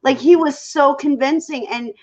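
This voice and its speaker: A woman panel guest telling stories in a casual chat, animated and full of fillers. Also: high-pitched, normal speed, poor audio. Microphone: video call.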